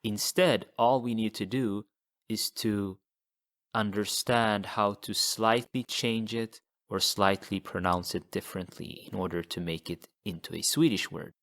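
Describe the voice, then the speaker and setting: A man teaching a language lesson, patiently repeating model words slowly for learners to copy. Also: lowish voice, fairly bright tone. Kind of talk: slow, deliberate language lesson.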